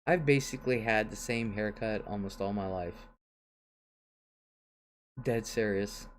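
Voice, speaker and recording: With a very deep voice and an unhurried delivery, an older woman runs a laid-back livestream against slight background noise. She rambles through chat, reads out viewers' comments, and keeps chuckling.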